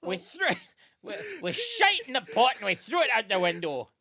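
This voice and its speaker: A man voicing an indignant old father who shouts at his son, laughing through his lines. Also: high voice, huge pitch swings, normal speed, a crowd in the background, pitched above the performer's own voice. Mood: outraged.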